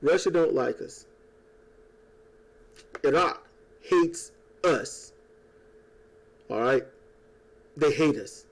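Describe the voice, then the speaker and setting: A man talking at home in a casual political rant. He rambles, swears and turns sarcastic, tossing in quick mocking impressions. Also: a little high, animated. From United States. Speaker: YouTuber. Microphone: old desk microphone.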